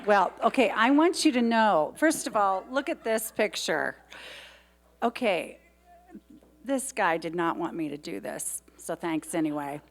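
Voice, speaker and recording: A woman giving the announcements in a church service, talking in a chatty, rambling way. She is openly grateful and gets emotional as she speaks to the congregation. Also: medium pitch. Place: church sanctuary.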